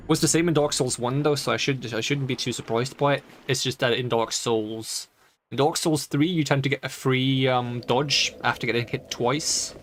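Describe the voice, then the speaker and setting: A man's voice: medium pitch, a little hiss or hum. A man streaming gameplay, muttering at enemies in an impatient, grumbling way and speaking in a made-up accent. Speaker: game streamer. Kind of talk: live gameplay commentary.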